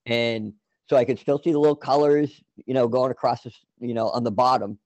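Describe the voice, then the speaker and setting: A man's voice: medium pitch, fairly even intonation, a little fast, darkish tone, no room sound. A man telling a long personal story in casual chat, rambling with many fillers and restarts.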